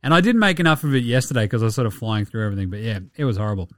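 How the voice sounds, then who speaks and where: A man's voice: mid-range voice, very fast, fairly bright tone, dry recording, clean studio sound. An Australian man hosting a sports podcast, talking casually and sarcastically, swearing often and mocking the people he talks about. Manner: profane, sarcastic, mocking impressions. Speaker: podcast host.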